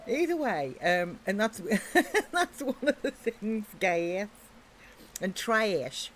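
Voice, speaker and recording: A woman's voice: fairly high pitch, sing-song, takes it slowly, slight background noise. An English woman with an English accent chatting casually and giggling as she livestreams a video game. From England. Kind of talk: casual let's-play chat.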